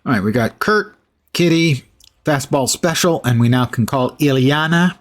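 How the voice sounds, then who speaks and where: A man's voice: medium pitch, moderate pace. A man streaming a game, thinking aloud in a casual, musing way. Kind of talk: casual gameplay commentary.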